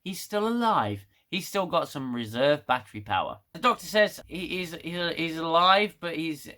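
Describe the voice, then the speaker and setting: Man ranting about a TV show, sarcastic and exasperated, bright, fairly high voice. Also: expressive, moderate pace. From United Kingdom. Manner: sarcastic, exasperated, laughs loudly. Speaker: TV show reviewer. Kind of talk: casual review rant.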